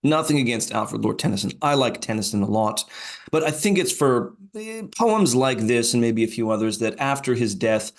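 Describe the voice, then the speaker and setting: A man's voice: mid-range voice, expressive, normal speed. A male podcast host giving informal poetry commentary, talking conversationally with frequent fillers and restarts.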